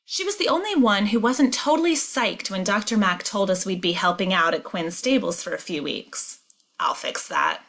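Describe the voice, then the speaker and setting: A woman teacher reading a novel aloud and explaining it, clear and emphatic. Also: medium pitch, animated, normal speed, a bit bright.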